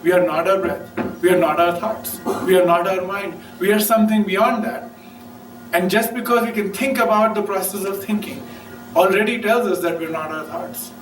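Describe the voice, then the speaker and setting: A man's voice: high-pitched, fairly even intonation, normal speed, echoey room, distant mic, a little hiss or hum, poor audio. Casual man giving a talk. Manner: casual, keeps asking "right?". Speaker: speaker. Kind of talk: conversational talk on meditation.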